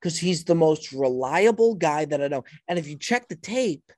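A man's voice: fairly high pitch, animated, normal speed, darkish tone, no room sound. Emphatic male podcast host, dry sound. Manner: emphatic, talks over others, repeats himself. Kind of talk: casual podcast banter.

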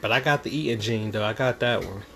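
A man's voice: lowish voice, fast talker, creaky, fairly bright tone, a little hiss or hum. A young man, co-hosting a cooking livestream, reading viewer comments in a teasing, easygoing way. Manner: teasing, laughing easily. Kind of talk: casual livestream chat.

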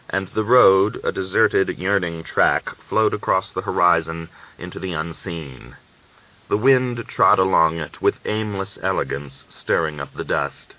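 A man narrating a novel in a measured, literary reading. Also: rumbling low, highs cut off. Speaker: audiobook narrator.

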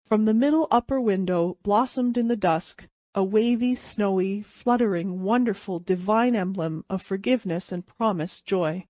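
A woman narrating a classic short story as an audiobook, in a steady, measured way. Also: medium pitch, no room sound.

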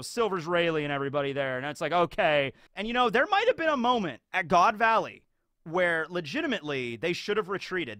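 A man giving casual, rambling commentary as an anime theory YouTuber, animated and laughing often. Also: high voice, no room sound, studio quality.

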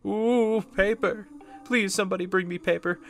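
A man doing a high, moaning voice for a desperate spirit begging for help in a video game. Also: fairly even intonation, moderate pace, slight background noise. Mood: pleading. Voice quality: moaning, pleading.

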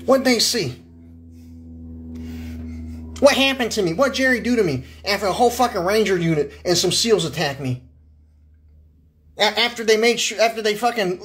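A man with a high-pitched voice delivers an agitated, profanity-heavy livestream rant. He hammers the same questions again and again, trips over and restarts words, and keeps breaking into bursts of laughter. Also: fairly bright tone. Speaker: live streamer. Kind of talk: unscripted livestream monologue.

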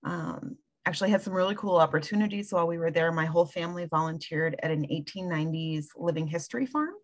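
A woman from the Midwestern United States, a podcast guest recounting her childhood in a relaxed way with many ums. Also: fairly low pitch, quick pace. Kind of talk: casual interview chat.

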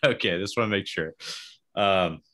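Low-voiced easygoing male host. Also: normal speed, fairly bright tone. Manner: easygoing, joking. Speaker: podcast host. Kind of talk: casual chat.

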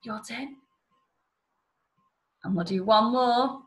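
A woman's voice: fairly high pitch, takes it slowly. A woman with a regional English accent teaching young children a phonics lesson, encouraging them to repeat sounds after her. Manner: encouraging call-and-response teaching.

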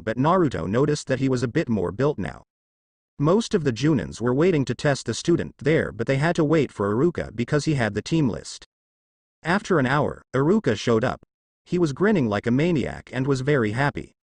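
A man reading fan fiction aloud as narrator, in a lively, sing-song delivery. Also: medium pitch, dry recording.

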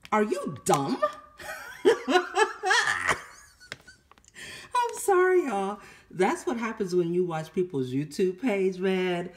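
Breathless, chatty woman with a low voice. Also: background noise. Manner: chatty, exclaims and laughs at her own finds. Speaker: vlogger showing a grocery haul. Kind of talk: casual chat to camera.

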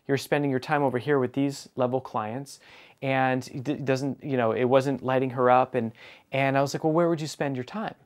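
Male business coach, medium-pitched, upbeat storyteller who acts out dialogue. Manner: energetic, acts out quoted dialogue. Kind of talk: storytelling monologue.

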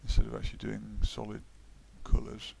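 Gravelly low-voiced Midlands man. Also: normal speed, heavy background noise. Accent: English Midlands. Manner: relaxed, thinking aloud while working, often drops to a mutter. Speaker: digital artist. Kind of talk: casual painting tutorial voice-over.

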